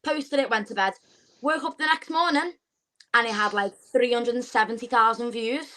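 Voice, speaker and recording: A woman, a podcast guest chatting casually and telling stories with lively quoted asides. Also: a little high, normal speed, rough recording. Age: 20s. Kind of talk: casual chat.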